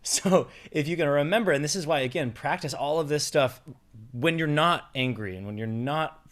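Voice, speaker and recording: A man's voice: on the high side, moderate pace, fairly bright tone. A man coaching a breathing exercise in an emphatic, casual way. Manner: emphatic, guides breath counts aloud. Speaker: panel speaker.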